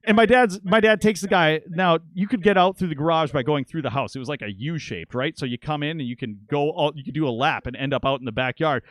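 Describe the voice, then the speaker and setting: A man's voice: a little high, quick pace, few pauses, dry recording. A man in his late thirties from Minnesota, telling rambling, profane stories as a podcast guest. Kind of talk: casual storytelling.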